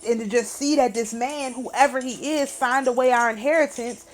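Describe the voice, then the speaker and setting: A woman's voice: fairly high pitch, moderate pace. A woman hosting her own channel, talking in a casual, emphatic and indignant way. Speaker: channel host. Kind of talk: casual vlog commentary.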